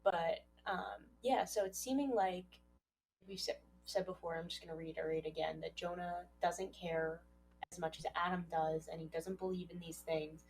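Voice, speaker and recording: A woman co-hosts a podcast and walks through a horror series scene by scene. She speaks in a somewhat low voice and lifts into animated quotes of the characters. A faint hum sits in the background. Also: moderate pace, creaky, low-quality recording. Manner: animated, acts out quoted lines. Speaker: podcast co-host. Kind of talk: casual recap discussion.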